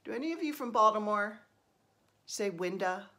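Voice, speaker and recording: A woman's voice: mid-range voice, animated, moderate pace, bright, forceful tone. A middle-aged woman from New Jersey chatting casually while she stitches, rambling and poking fun at herself, with lots of ums. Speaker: stitching vlogger.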